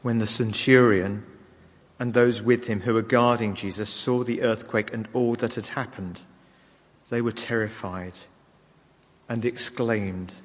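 A man reads scripture aloud, slow and measured, with a solemn weight. His voice sits low. Long reverb trails behind every phrase. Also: fairly even intonation. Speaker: scripture reader. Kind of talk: liturgical Bible reading.

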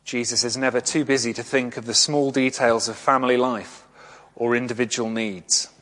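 A man's voice: mid-range voice, fairly even intonation. Reflective male preacher in reverb. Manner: gentle, reflective, pausing often. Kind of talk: sermon reflection.

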